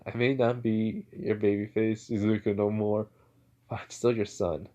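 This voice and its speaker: A man voicing a cheerful, cocky young male hero-in-training, speaking quietly and softly. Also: on the low side, little pitch movement, moderate pace, highs cut off, natural voice.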